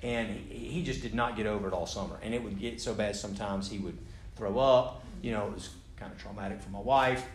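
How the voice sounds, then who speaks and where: A man's voice: fairly low pitch, fairly even intonation, a little fast. An American man giving a sermon talk to a live audience, telling a story animatedly with self-deprecating humor. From United States. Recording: roomy hall sound, faint background noise.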